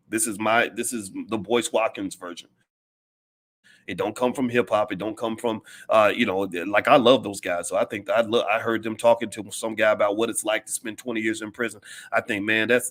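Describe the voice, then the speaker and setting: A man's voice: fairly low pitch, a bit bright. A middle-aged man giving an impassioned, preachy monologue as a commentator, hammering his points with repetition.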